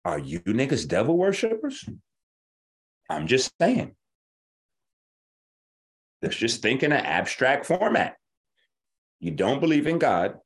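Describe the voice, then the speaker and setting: A man's voice: mid-range voice, wildly swooping pitch, slow pace, pauses often. A man hosting an online talk show, delivering a casual, profane monologue and acting out the people he argues with.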